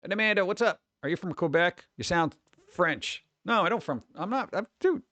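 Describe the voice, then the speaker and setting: A man's voice: sits high, animated, moderate pace, bright, forceful tone, no room sound. A man from New York streaming casually, reacting to chat with sarcastic, mumbled asides.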